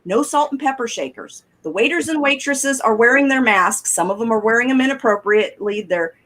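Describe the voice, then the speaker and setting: A middle-aged woman, telling animated stories on a talk show and acting out the people she quotes. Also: on the high side, a little fast. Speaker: guest caller. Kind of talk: casual storytelling on a talk show.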